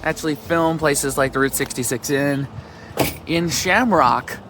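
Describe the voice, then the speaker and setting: Recording on a handheld camera as he drives, this man vlogs about his road trip in a rambling, filler-heavy, chatty way. He is a travel vlogger with a medium-pitched, steady voice at a moderate pace, and the background is noisy.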